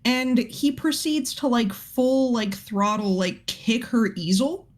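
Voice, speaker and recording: A woman's voice: a little high, lively intonation, takes it slowly. A woman, an art teacher, casually telling a story to friends, chatty and swearing freely with lots of fillers.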